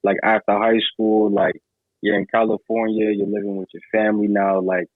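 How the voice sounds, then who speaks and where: Fields: Sex: man. Role: podcast host. Pitch: low. Sound: tinny, phone-like. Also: monotone, moderate pace, no room sound. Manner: rambling questions padded with "like". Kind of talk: casual interview questions. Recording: dry, tinny phone-like audio.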